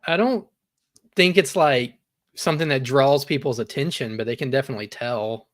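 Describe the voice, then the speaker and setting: A man's voice: mid-range voice, normal speed. A man from Georgia with a Southern accent, chatting easygoing on a podcast, hedging with "like" and "I don't know". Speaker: podcast regular. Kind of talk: casual podcast chat.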